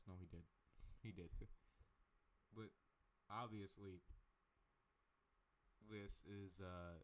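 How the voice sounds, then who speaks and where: A man's voice: lowish voice, low-quality recording. A man reading a Bible book aloud and stopping to comment in a rambling, self-correcting way. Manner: rambling, self-correcting, chuckles between thoughts. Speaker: Bible reader.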